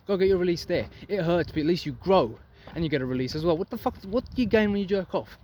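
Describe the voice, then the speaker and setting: A man's voice: high-pitched, expressive, quick pace, muffled recording. A young man giving a blunt, profane motivational rant outdoors for his vlog. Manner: intense, profane, preachy. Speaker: vlogger. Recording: loud street traffic noise.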